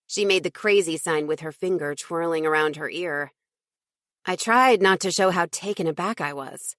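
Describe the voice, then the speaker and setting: A woman's voice: fairly low pitch, normal speed, a bit bright, dry recording, studio quality. Woman narrating a cozy audiobook. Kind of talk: scripted first-person audiobook narration.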